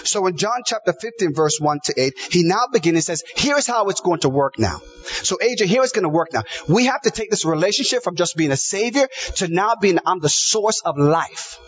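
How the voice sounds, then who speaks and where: A man's voice: high voice, expressive, fairly quick, muffled recording, faint music behind. A man preaching a sermon, emphatic, piling up repeated phrases and quoting scripture. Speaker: pastor.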